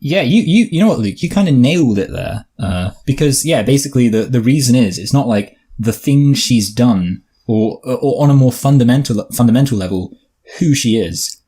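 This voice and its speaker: A man's voice: medium pitch, lively intonation, moderate pace, warm tone, breathy edge. A man co-hosting a casual film review podcast, talking in rambling, filler-heavy sentences. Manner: rambling, filler-heavy, with sudden bursts of mock voices.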